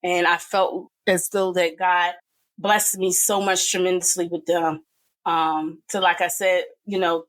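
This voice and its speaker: A middle-aged woman speaking as a podcast guest, giving an earnest and emotional personal testimony with pauses and fillers. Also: lowish voice, fairly bright tone, low-quality recording.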